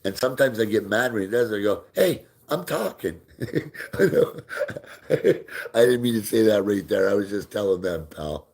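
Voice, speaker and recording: A man hosting a casual live stream, reading out viewer comments, answering them, and talking softly to his dog while they play ball. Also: on the low side, moderate pace. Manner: reads out and answers viewer comments, often drops into soft baby talk for his dog. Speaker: livestream host.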